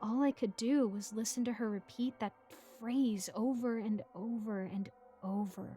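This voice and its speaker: A woman reading a first-person horror story aloud in a measured, steady scripted narration. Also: a little high. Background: background music.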